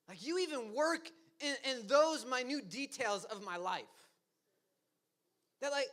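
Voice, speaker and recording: High, bright-voiced young pastor laughing. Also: male voice. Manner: laughs often, self-deprecating asides; acts out quoted lines in funny voices. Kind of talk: casual conversational sermon.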